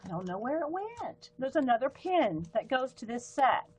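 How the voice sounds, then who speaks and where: A woman's voice: high-pitched, sing-song, normal speed, darkish tone, husky, rough recording. Chatty Southern woman rambling about pens. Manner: chatty and rambling, with frequent ums and self-interruptions. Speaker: live-stream art host. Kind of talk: casual livestream chat.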